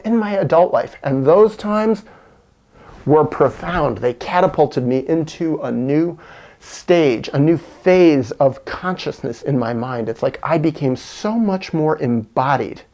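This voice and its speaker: A man's voice: a little high, darkish tone. A man telling a personal story in an earnest, reflective monologue, repeating words for emphasis. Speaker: video essayist.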